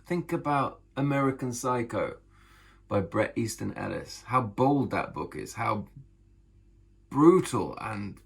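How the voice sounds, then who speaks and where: Brief: male author vlogger, low gravelly husky voice, enthusiastic and emphatic delivery. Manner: enthusiastic, emphatic, repeats phrases. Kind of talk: casual talk to camera about writing.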